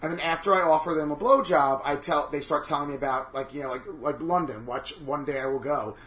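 A man co-hosting a chat show, telling stories in an animated, campy and profane way. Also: a little high, a little fast, roomy sound. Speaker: podcast co-host. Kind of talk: casual chat.

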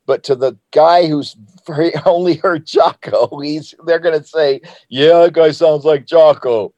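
A man's voice: fairly high pitch, measured pace, warm tone, no room sound. Earnest man talking over dinner. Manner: earnest, talks while eating. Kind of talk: casual chat about music. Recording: dry, slightly muffled audio.

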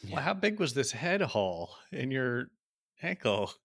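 Bright easygoing man asking questions. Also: medium pitch, sing-song, a little slow. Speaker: podcast co-host. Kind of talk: casual podcast chat.

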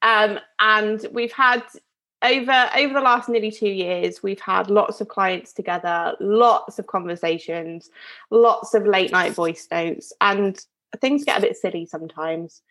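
A woman's voice: medium pitch, steady tone, unhurried, sharp tone. Chatty woman telling a rambling story. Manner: chatty, rambling, self-interrupting, laughs often. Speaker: podcast co-host. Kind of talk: casual storytelling chat.

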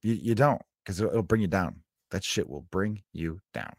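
A podcast host in his thirties rambles through a story, swearing freely and poking fun at himself. His voice sits on the low side. The sound is dry and close, with no room echo. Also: lively intonation, moderate pace. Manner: profane, rambling, self-mocking. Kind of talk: casual comedic monologue.

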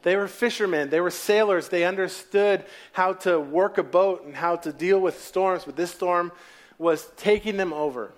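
A man preaching a sermon, telling stories and dropping to quiet asides. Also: high-pitched, moderate pace.

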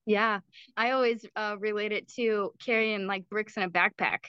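A woman's voice: mid-range voice, steady tone, moderate pace, sharp tone, clean tone, dry recording, muffled recording. A woman guest on a podcast, speaking earnestly and openly and laughing easily. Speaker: podcast guest, small business owner. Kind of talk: casual interview chat.

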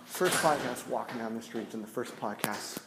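A man's voice: mid-range voice, moderate pace, creaky. Male host talking to himself on a city walk, breathless and rambling, over noisy traffic. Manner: rambling, chatty, self-mocking. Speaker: podcast host. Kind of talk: walking podcast monologue. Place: city streets outdoors, then stairwell. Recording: noisy street recording. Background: street traffic and clicks.

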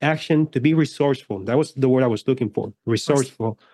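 Mellow-voiced male podcast host. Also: mid-range voice, dry recording. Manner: measured, halting questions with fillers. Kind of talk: interview questions.

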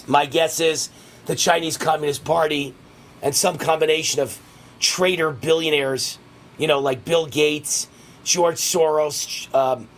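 A man hosting a political talk radio show, delivering a rapid, heated ranting monologue. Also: fairly high pitch.

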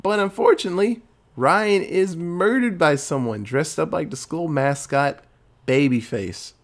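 A man recaps a film plot in a loose, casual way, cursing often and keeping the story moving. His voice sits a little higher than most men's. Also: unhurried. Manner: profane, animated storytelling. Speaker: movie recapper.

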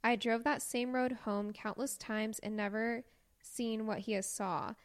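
A woman's voice: fairly high pitch, a little slow. A woman co-hosting a podcast who reads listener stories aloud, gasping and exclaiming often. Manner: excitable, gasps and exclaims. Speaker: podcast co-host. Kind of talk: casual chat, reading listener stories aloud.

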